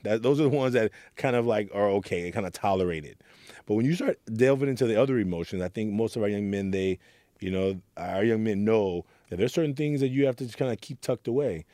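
A man's voice: fairly low pitch, lively intonation, a little fast, warm tone, dry recording, studio quality. A middle-aged man from Oakland, a youth mentor, earnestly telling his story in an interview and acting out quoted lines. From Oakland, California. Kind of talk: reflective interview talk.

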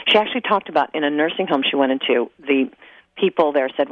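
A woman's voice: low voice, quick pace, no room sound, narrow, tinny audio. A woman talking as an author guest in a radio interview, earnest and conversational.

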